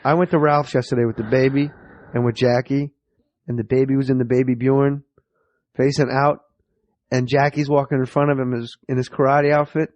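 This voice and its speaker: A man's voice: mid-range voice, little pitch movement, a little fast, a little mellow, no room sound, muffled recording. A stand-up comedian in his forties, telling stories profanely and animatedly in a casual podcast chat. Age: 40s.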